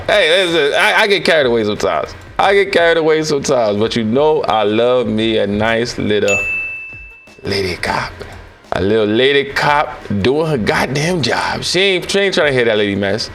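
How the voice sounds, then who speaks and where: A man's voice: medium pitch, lively intonation, moderate pace, a bit bright, a little hiss or hum. A man giving playful, teasing reaction commentary to viewers over video footage.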